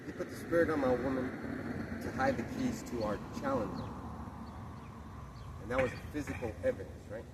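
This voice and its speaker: A man's voice: medium pitch, moderate pace, pauses often. Crude, emphatic preaching man, far off. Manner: emphatic and crude, heavy profanity. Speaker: lay preacher. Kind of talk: street sermon chat. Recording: distant mic with loud outdoor traffic noise.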